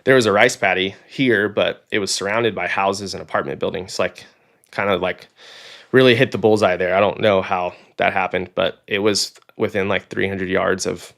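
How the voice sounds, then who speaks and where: A young man from Oklahoma tells his story in a casual podcast interview. His voice sits very low, with a gravelly edge. He acts out the people he quotes, and "like" and "um" run all through his talk. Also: normal speed. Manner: animated storyteller, acts out quoted dialogue, frequent "like" and "um". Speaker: podcast guest, fighter pilot.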